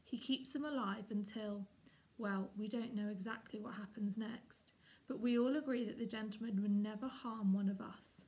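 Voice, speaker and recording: A woman's voice: medium pitch, steady tone, moderate pace, a little mellow, lightly acted. Woman reading as a proud, stern father cat.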